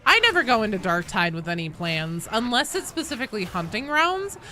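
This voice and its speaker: A woman streamer chats through a co-op game with her friends in a bright, lively voice that swoops up and down constantly. She jokes and laughs along and breaks into yelling when a fight heats up. A faint hum of noise sits under her voice. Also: medium pitch, a little fast. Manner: animated, joking, swears and laughs often; yells in bursts during fights. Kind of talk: casual live-stream chat while playing.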